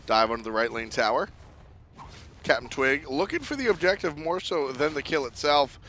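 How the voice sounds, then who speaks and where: Bright-voiced male color commentator. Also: fairly high pitch, lively intonation, moderate pace, a little hiss or hum. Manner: analytical, laughs easily. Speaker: esports caster.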